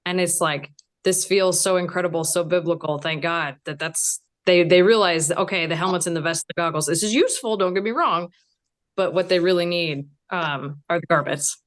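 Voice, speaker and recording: A woman in a class sharing a report, animated and telling it like a story. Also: fairly low pitch, normal speed. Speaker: class participant.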